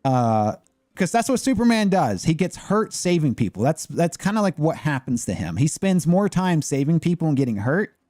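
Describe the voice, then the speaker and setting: A man's voice: a little high, sing-song, moderate pace, dark tone, no room sound, studio quality, faint music behind. A man chatting casually as a gaming streamer, rambling and opinionated with lots of fillers. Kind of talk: casual chat.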